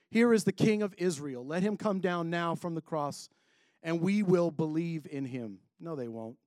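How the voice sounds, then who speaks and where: A man's voice: fairly high pitch, dry recording, clean studio sound. A man teaching a Bible passage in a casual sermon, reading scripture aloud and breaking off with chatty asides and laughs. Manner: conversational, self-interrupting, laughs between points.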